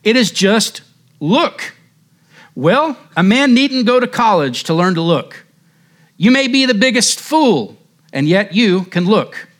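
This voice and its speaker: A man's voice: a little high, animated, measured pace. A man doing a fervent rustic lay preacher. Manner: folksy, plain-spoken, emphatic preaching. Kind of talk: quoted sermon reading.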